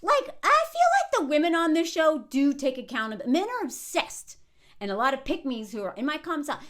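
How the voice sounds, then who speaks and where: A woman in her thirties giving casual, animated commentary on a reality show, often mimicking the people she quotes. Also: sits high, fast talker. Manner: animated, quoting others in mocking voices.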